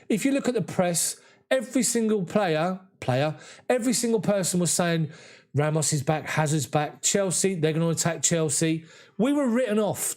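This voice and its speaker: A man giving emotional, excited live fan commentary on a match. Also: high-pitched.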